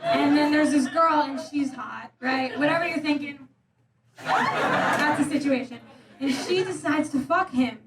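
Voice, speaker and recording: A woman's voice: high voice, unhurried, heavy background noise. A young woman performing a stand-up set in a conversational, self-deprecating way, often slipping into quoted voices. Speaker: stand-up comedian. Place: comedy club stage. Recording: roomy club sound from a distance, loud crowd laughter. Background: audience laughing.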